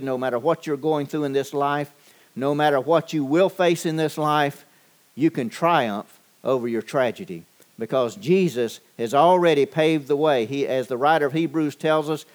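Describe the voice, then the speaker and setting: A man preaching a sermon, measured and deliberate, with frequent pauses and fillers. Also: a little high. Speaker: pastor.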